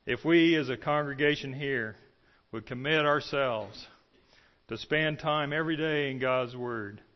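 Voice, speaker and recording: A male pastor delivering a sermon, moving between raised, ringing calls and near-hushed stretches. His voice sits at an everyday middle pitch. The recording is slightly muffled and lo-fi. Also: unhurried. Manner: preaching with swings from loud to hushed.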